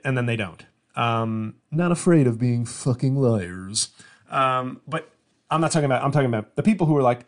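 A man's voice: mid-range voice, fairly quick. A man hosting his own comedy podcast from a home studio, talking casually and rambling with lots of restarts. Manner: rambling, self-interrupting, mock-whiny when imitating fans. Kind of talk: casual solo podcast monologue.

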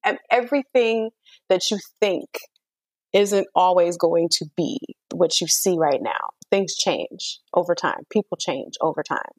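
A woman's voice: lowish voice, unhurried, no echo. A woman guest speaking frankly and earnestly in casual conversation, with slangy asides. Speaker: podcast guest.

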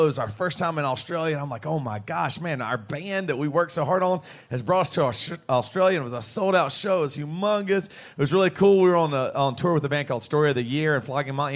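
An American man and podcast co-host, telling rambling, laughing stories to a live pub crowd. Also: fairly high pitch. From United States. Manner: animated, laughing, rambling with restarts. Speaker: podcast co-host and band singer.

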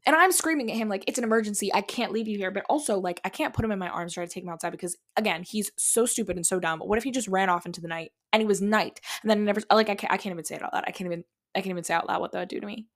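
A woman's voice: mid-range voice, racing, hardly any pauses, a bit bright. A young woman hosting a podcast, telling a story in a casual, profane, dramatic way. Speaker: podcast host.

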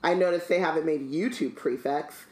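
A woman's voice: low voice, normal speed, darkish tone, reverberant, close to an everyday voice, rough recording. A woman reading as a stern scolding mother. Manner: plain read-aloud delivery.

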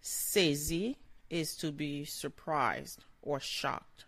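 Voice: mid-range voice, drawn-out words, fairly bright tone, dry recording. A language teacher giving a short vocabulary lesson, saying each word several times and then translating it.

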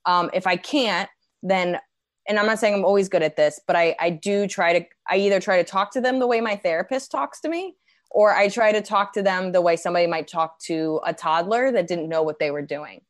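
A woman comedian chatting as a podcast guest, lively and laughing, acting out her own rants. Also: fairly low pitch, a little fast, dry recording, clean studio sound. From United States. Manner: animated, laughing, acts out rants. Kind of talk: casual podcast chat.

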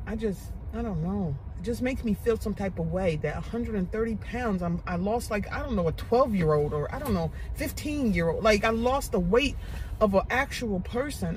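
A woman podcast host making a candid spoken confession, frustrated and halting, with restarts and sighs. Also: fairly low pitch, noisy background.

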